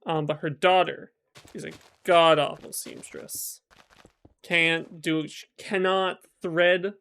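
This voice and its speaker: A man's voice: on the high side, steady tone, slow, creaky, a bit bright, clear, resonant tone. A male streamer casually retelling a folk tale, chatty and rambling with lots of fillers. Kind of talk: casual storytelling while gaming.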